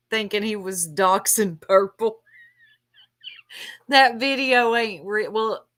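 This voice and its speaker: A woman's voice: mid-range voice, sharp tone. A woman hosting a casual gossip chat, laughing often and reading chat names aloud. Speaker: stream host.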